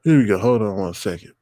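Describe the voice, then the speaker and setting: A man's voice: on the low side, warm tone, no echo. A man in his thirties hosting a casual livestream, talking bluntly and with profanity straight to his viewers from home. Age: 30s. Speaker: livestream host.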